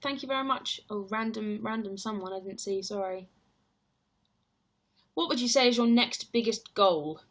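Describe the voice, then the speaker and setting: A woman's voice: mid-range voice, moderate pace. Chatty young woman. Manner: chatty and rambling, heavy use of "like". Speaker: stage actor and livestreamer. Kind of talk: casual livestream chat answering viewer comments.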